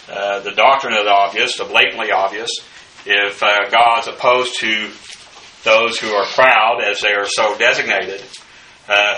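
A man's voice: on the low side, bright, forceful tone. A man teaching a verse-by-verse Bible study, spelling out Greek words letter by letter with many fillers. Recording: echoey room, voice from a distance, faint hiss.

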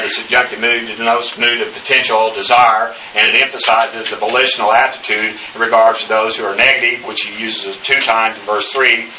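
A man teaching the Bible verse by verse, speaking haltingly with many fillers and spelling out Greek words letter by letter. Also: fairly low pitch, bright, forceful tone. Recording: echoey room, distant mic, faint noise.

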